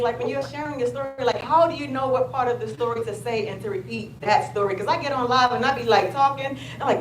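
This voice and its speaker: A woman speaking at a live event, excitable and chatty, swinging from loud outbursts to soft, heartfelt talk. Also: on the high side, a little fast, hardly any pauses. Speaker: attendee asking a question. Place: large event room with an audience. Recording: echoey room, noisy ambience.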